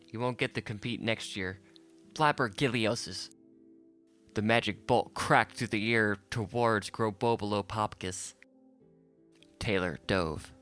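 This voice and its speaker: A man narrating an audiobook in a measured, unhurried storytelling manner. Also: lowish voice, fairly bright tone.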